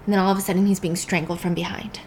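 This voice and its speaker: A woman host casually retelling a film plot, animated and emphatic. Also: lowish voice, rapid-fire, slight background noise. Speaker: podcast host. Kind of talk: casual film recap storytelling.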